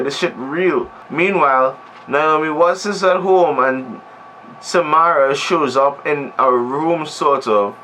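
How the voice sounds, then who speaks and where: A man's voice: medium pitch, fairly bright tone, slight background noise, rough recording. A man giving a comedic movie recap, rambling and sarcastic, often cutting himself off mid-sentence. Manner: rambling, sarcastic, self-interrupting. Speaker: movie reviewer.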